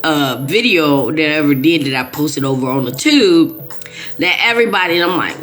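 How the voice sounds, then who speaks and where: A woman's voice: deep voice, animated, moderate pace, fairly bright tone, faint music behind. A woman talking straight to her viewers in a casual monologue. She is emphatic and repeats herself often, with frequent restarts. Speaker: video creator.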